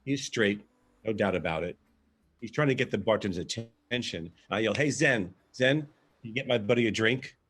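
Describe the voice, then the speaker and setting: A man playing a wry, husky-voiced storyteller. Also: fairly low pitch, lively intonation, moderate pace. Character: wry, candid male arts director telling his story. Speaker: actor reading a monologue. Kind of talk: verbatim theatre reading.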